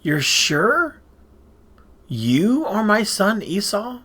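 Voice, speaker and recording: A man's voice: on the high side, lively intonation, slow pace, fairly bright tone, full character voice. A man reading aloud and voicing an old blind father who questions anxiously in a raised voice. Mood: questioning.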